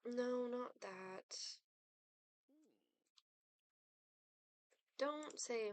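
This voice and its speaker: Chatty young woman streaming, kinda high bright voice, super dry close sound, giggly. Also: expressive, unhurried, no echo. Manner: chatty, giggly, lots of fillers. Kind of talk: casual gameplay chat.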